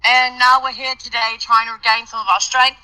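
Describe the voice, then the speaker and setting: A woman's voice: fairly high pitch, level tone, a little fast, bright, forceful tone, pitched above the performer's own voice, rough recording. A woman putting on a fake Australian accent in a mock-formal, theatrical way. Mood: mock posh. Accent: put-on Australian.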